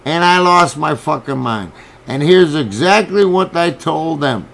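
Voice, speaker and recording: A man's voice: a little high, lively intonation, unhurried, gravelly, fairly bright tone, poor audio. A man telling an angry, profane story, acting out both sides of an argument in quoted dialogue. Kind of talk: angry personal rant.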